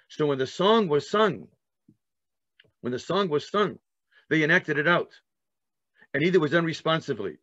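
A man's voice: fairly high pitch, dry recording, muffled recording. An older man teaching a Torah class as a rabbi, acting out words with his breath and asking questions he then answers himself. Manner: animated, enacts words with breath and gasping sounds. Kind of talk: Torah lesson.

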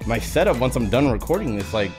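A man hosting a reaction video from a home setup, talking into a headset. He is breathless and hyped, his pitch leaping up and down with every burst of excitement, while faint music plays underneath. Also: fast.

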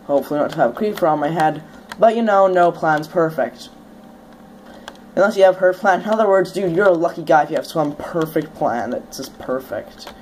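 A young woman talks her way through a video game at her home computer, casual and chatty, with sudden shrieks and curses whenever something jumps out at her. Her voice sits fairly low for a woman. Faint keyboard typing ticks along underneath. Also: fairly quick, slight background noise. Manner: chatty and excitable, swears, bursts into sudden shrieks when startled. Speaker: let's play host. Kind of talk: casual gameplay commentary.

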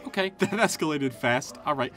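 A young man giving casual, joking commentary over a video game, with excited outbursts. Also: on the high side, normal speed, shouting. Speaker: gaming YouTuber. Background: game music.

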